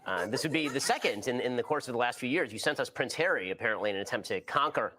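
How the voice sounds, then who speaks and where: A man appearing as a guest on an interview show, arguing in a rapid, precise way. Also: medium pitch, expressive, heavy background noise. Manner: rapid-fire, precise argumentation. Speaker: political commentator guest. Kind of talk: broadcast interview.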